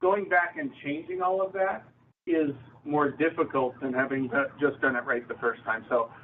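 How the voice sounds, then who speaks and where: A man organizing a user group meeting, explaining software tips in a clear, advisory way with examples. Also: medium pitch, steady tone, normal speed, a little hiss or hum. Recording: tinny phone-like recording.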